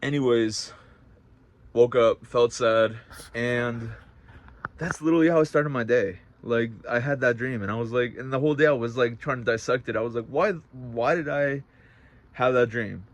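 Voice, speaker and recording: A young man telling a story in a casual vlog, swearing a lot and swinging between loud outbursts and quiet, reflective talk. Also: medium pitch, moderate pace. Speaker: vlogger.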